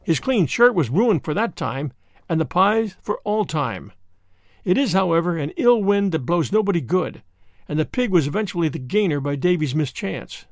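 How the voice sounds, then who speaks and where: A man narrating a classic novel in an expressive, measured storybook reading. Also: fairly high pitch, no echo, studio quality.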